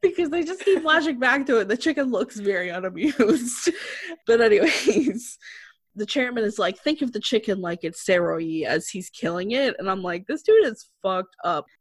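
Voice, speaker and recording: A woman's voice: on the high side, normal speed, breathy edge, no echo. Female co-host, casual recap voice, laughs a lot, dry close sound. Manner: chatty, laughs often, quotes characters in flat asides. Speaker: podcast co-host recapping a drama. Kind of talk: casual chat.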